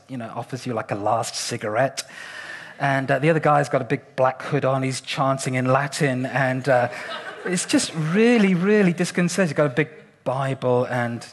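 An Englishman speaking on stage to an audience, telling a humorous story in a playful, self-mocking way with dramatic pauses. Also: a little high, fairly bright tone. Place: stage before a live audience.

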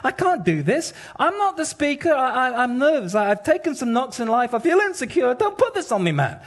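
A preacher doing a stammering, nervous Moses. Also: male voice, very animated, fairly quick, exaggerated voice. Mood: nervous pleading. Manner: stammering, higher-pitched pleading. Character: anxious reluctant male prophet, insecure and pleading.

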